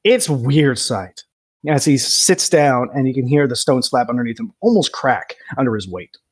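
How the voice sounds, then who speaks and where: A young man narrating as game master, lively and quick to laugh. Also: mid-range voice, husky.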